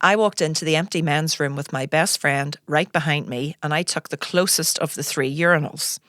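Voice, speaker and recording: A woman's voice: low voice, normal speed, fairly bright tone, no echo, studio quality. A woman hosting a podcast, reading a funny story aloud and laughing often. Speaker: podcast host.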